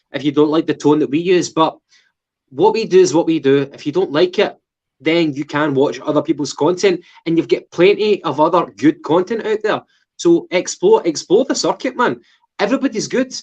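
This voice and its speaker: A Scottish man chatting about football on a podcast, his voice sitting a touch high. He swears freely and restarts his sentences. The recording sounds dull and lo-fi. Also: a little mellow. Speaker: podcast co-host. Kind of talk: casual football chat.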